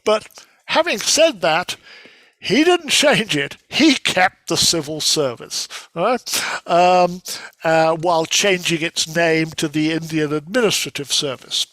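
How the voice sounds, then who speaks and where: An older man gives a relaxed, chatty lecture, pausing often and restarting his sentences. His voice sits a little high for a man. The recording is dry and close, with almost no room sound. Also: dry recording. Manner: conversational, many fillers and restarts. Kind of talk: casual lecture with slides.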